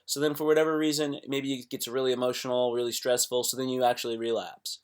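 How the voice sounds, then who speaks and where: A young man speaking casually to a live stream audience with a motivational message. He swings between low murmurs and loud exclamations, and he acts out the voices he quotes. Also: flat delivery, quick pace, hardly any pauses, smooth.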